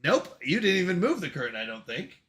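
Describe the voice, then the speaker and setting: A man hosting a casual live stream, excitable and quick to laugh, exclaiming at his own mistakes. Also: high-pitched, soft background music.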